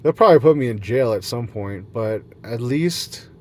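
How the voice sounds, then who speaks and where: A man's voice: mid-range voice, expressive, normal speed. A man rambling in a silly, free-flowing monologue, jumping between topics and laughing often, recorded outdoors in nature at night. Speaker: vlogger.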